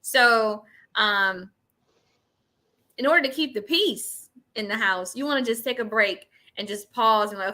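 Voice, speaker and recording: A middle-aged woman co-hosts a podcast, chatting casually and animatedly about a book and often acting out the voices she quotes. Her voice sits on the high side, bright and forceful, at a measured pace.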